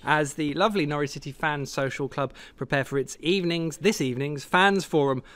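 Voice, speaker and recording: A man hosting a live football show from a stadium, chatty and jokey with quick asides. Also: fairly high pitch, fairly bright tone. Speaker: host.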